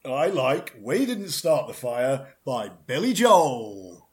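Pedantic man, lively pitch. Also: takes it slowly. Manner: pedantic, self-assured, rambling with restarts. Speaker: comedian in a double act. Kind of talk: deadpan comedy chat.

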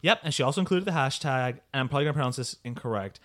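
A man co-hosting a casual podcast, telling stories in an animated way and dropping Spanish words. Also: mid-range voice, rapid-fire. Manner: animated, lively storytelling with Spanish interjections. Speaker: podcast co-host. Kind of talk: casual chat.

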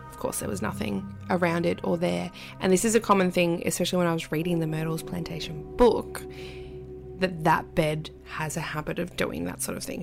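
Gravelly woman telling a story. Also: fairly low pitch. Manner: animated, drops to whispers for creepy parts. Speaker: podcast guest. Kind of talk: casual storytelling.

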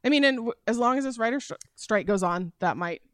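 A woman's voice: on the high side, expressive, fairly quick, dry recording, clean studio sound. A woman guest on a podcast, chatting casually and agreeably, with many yeahs and ums. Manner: agreeable, frequent yeahs and ums, listing examples. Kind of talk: casual chat.

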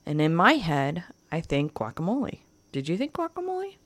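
A woman co-hosting a podcast, telling trip stories in an animated way and laughing often. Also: fairly low pitch, moderate pace, no room sound. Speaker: podcast co-host. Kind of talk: casual chat.

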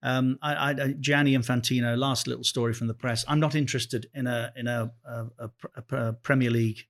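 A man's voice: medium pitch, steady tone, brisk. A man hosting a football podcast in casual chat, with frequent stammering restarts. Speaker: podcast host.

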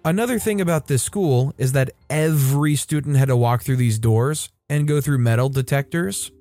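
A man narrating online stories in a casual, lively reading style. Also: fairly high pitch. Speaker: story narrator.

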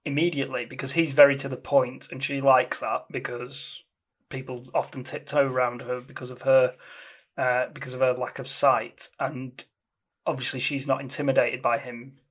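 A man's voice: medium pitch, little pitch movement, moderate pace, fairly bright tone. Chatty man explaining a film plot. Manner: rambling, self-correcting, explanatory. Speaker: podcast co-host discussing a film. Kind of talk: casual film discussion.

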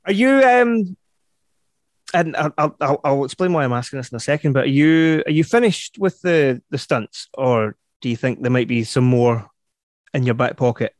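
A man's voice: mid-range voice, animated, normal speed, dry recording, studio quality. A man hosting a podcast interview, encouraging his guest with frequent murmurs of agreement and speeding up when he explains himself. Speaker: podcast host.

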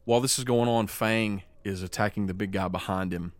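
A man's voice: lowish voice, steady tone, no echo. A man running a tabletop game as game master, narrating scenes vividly and calling rolls. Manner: vivid, descriptive narration with quick rules calls.

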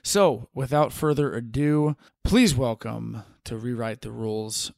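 A man's voice: medium pitch, measured pace, vocal fry, a little mellow, no room sound, clean studio sound. Laid-back young man hosting a podcast. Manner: laid-back, filler-heavy, upbeat. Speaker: podcast host. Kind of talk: casual podcast chat. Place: outdoors in a park under a tree.

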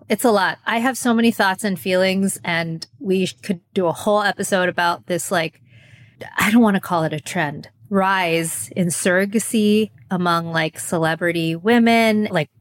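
A woman's voice: lowish voice, moderate pace, no echo. A woman co-hosting a podcast, chatty and opinionated in casual chat. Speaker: podcast co-host.

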